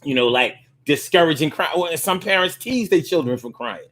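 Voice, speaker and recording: A man with a fairly high-pitched voice hosts a relaxed livestream and reads comments from his viewers. His talk is loose and full of cursing. He often circles back and repeats phrases. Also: normal speed, hardly any pauses. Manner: loose, profane and conversational, with frequent repeats and fillers. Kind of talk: casual livestream chat.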